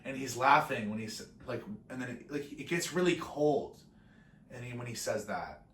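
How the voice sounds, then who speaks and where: Twentysomething dude rambling thru his intro, swears a ton, mid pitch, roomy echo. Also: moderate pace, slight background noise. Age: 20s. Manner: tangent-prone, profane, animated. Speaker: vlogger.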